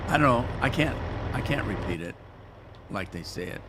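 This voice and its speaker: A man's voice: fairly low pitch, animated, moderate pace, background noise. A man hosting a gaming channel, chatting casually and rambling in a folksy way while he plays. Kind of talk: casual let's-play commentary.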